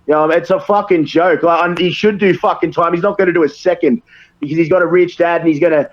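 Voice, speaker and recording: A man's voice: on the high side, fairly even intonation, fast talker, highs cut off. A man ranting profanely and heatedly in a casual podcast chat. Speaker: wrestler guest.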